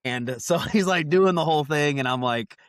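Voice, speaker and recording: A man hosting a podcast, telling a story in a casual chat, animated and full of fillers and restarts. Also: a little high, normal speed, clean tone, no echo, studio quality. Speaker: podcast host.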